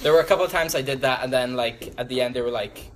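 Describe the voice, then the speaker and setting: Speaking quickly over a noisy crowd, this mid-range-voiced man in his twenties rambles through a casual talk to a small youth group in a church room. He restarts often, says "um" a lot and laughs at his own stories.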